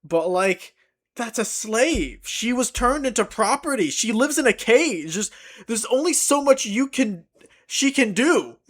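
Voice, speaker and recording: A man co-hosting a casual podcast, chatting in a relaxed, hesitant way. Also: very high-pitched, measured pace. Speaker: podcast co-host. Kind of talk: casual discussion.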